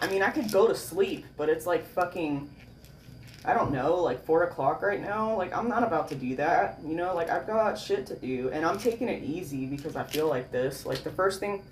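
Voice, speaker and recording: A woman's voice: fairly low pitch, a little mellow, a little hiss or hum. A tired, sleep-deprived woman with a nasal voice, talking in a rambling casual vlog, full of "like" and "you know" and freely swearing. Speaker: vlogger.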